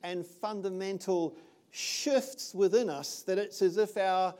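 Older male pastor from New Zealand, high voice, casual sermon delivery. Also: slow, mellow, clean tone. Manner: conversational, checks in with "all right?".

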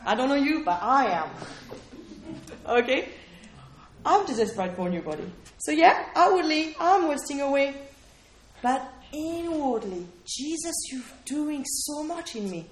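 High-voiced woman preaching in a roomy space. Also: expressive, a little slow, a little hiss or hum. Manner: conversational, keeps checking in with "okay?" and questions to listeners. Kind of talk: sermon. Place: room with a small responding audience.

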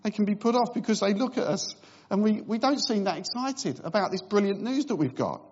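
A man's voice: sits high, animated, fairly quick, a little mellow, husky, lo-fi sound. A middle-aged man preaching a sermon in a conversational way, with wry humorous asides.

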